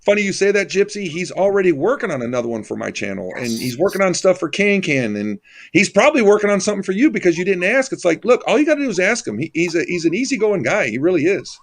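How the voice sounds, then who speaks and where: A man's voice: sits high, very animated, quick pace. A man hosting a casual group chat, rambling and enthusiastic with many restarts. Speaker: channel host.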